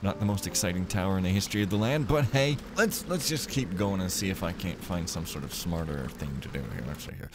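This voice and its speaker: A man's voice: low voice, animated, brisk, hardly any pauses, over music. A man giving casual, rambling commentary while playing a stealth game, joking to himself as he goes. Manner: playful, rambling, jokey asides. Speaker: let's play gamer.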